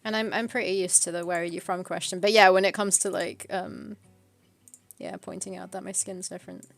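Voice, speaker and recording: A woman's voice: fairly low pitch, flat delivery, a little fast, gravelly, no room sound, faint music behind. British woman co-hosting a casual stream; rambling, filler-heavy storytelling. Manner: chatty, hesitant storytelling with many fillers. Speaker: streamer co-host. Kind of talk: casual chat.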